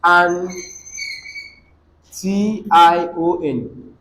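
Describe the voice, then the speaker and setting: Slow high-voiced Nigerian teacher. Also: male voice, expressive, slight background noise, low-quality recording. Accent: Nigerian English. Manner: dictates rules slowly and repeats them, quizzing students. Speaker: English teacher. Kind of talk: classroom lesson. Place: classroom with students.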